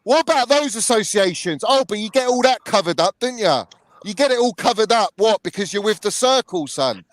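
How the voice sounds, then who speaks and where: A man's voice: high-pitched, lively intonation, fairly quick, no echo. A young man hosting a heated live chat, ranting angrily, swearing and saying "bruv" a lot. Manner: angry, sweary, repeats "bruv" often. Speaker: channel host.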